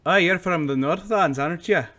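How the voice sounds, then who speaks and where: A man playing an aging black-market dealer who talks smoothly and stammers as he ingratiates himself. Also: high voice, moderate pace, pushed and bright, pitched above the performer's own voice. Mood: smooth, wheedling.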